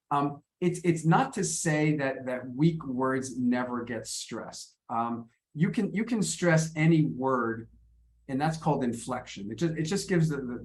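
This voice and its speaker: An American man leads an online English lesson at a middle pitch. He explains patiently but haltingly, stumbling over and repeating his words as he goes. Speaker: English teacher.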